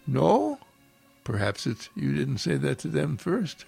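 A man's voice: fairly high pitch, big pitch swings, normal speed, vocal fry, husky, no echo, soft background music. A man giving an inspirational spiritual talk, full of effusive repetition and rhetorical questions. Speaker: spiritual practitioner giving uplifting talks.

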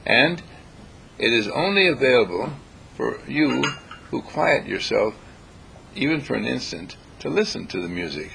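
A man giving a spiritual lecture in an animated way, acting out everyday examples and chanting sounds. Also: mid-range voice, a little slow, gravelly, slight background noise.

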